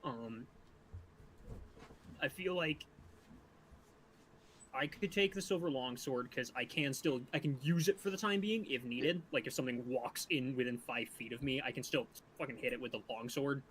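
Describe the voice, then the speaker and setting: A man's voice: medium pitch, normal speed, pauses often, a bit bright, a little hiss or hum. A man playing a tabletop game, chatting in a playful, rambling way. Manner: playful, laughs easily, rambling. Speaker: player. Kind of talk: casual chat at a tabletop game.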